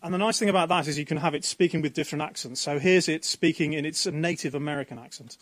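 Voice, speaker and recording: A man's voice: fairly high pitch, quick pace, fairly bright tone, no room sound. A man organising a coding event, talking keenly and explaining in a radio interview on a university campus. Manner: enthusiastic, explanatory, with fillers.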